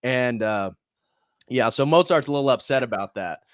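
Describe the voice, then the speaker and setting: A man's voice: mid-range voice, expressive, moderate pace, no echo. Man retelling a film, dry close mic. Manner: retells scenes, briefly acting out the characters' lines. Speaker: host. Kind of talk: casual movie review on a live stream.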